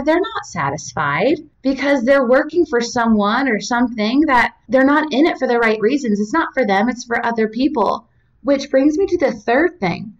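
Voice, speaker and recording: Woman, young adult, casual self-help talk, chatty, rambling asides, higher voice, a little off-mic. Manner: chatty and rambling, with many "like" fillers and side notes. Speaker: university staff member giving wellness advice. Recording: slightly distant, dull lo-fi sound.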